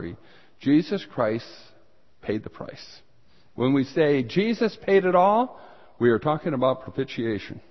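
Male pastor, earnest sermon delivery, mid pitch, dull recording in a reverberant church. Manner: earnest preaching, rising and louder when reading scripture. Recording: dull sound with long hall reverb.

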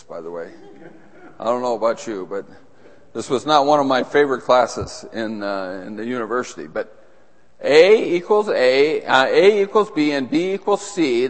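Man preaching in a reverberant hall. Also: medium pitch. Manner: teaching, asks the audience questions. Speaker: pastor. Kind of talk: sermon. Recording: long reverb of a large hall.

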